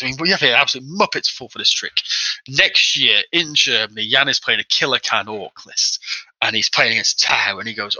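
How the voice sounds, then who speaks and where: A man telling a story at a brisk clip in casual chat. His voice is very bright and forward, and he slips into the voices of the people he quotes. The sound is dry and close. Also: mid-range voice, no room sound, poor audio. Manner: fast, animated anecdote-telling with acted-out quotes. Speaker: podcast guest.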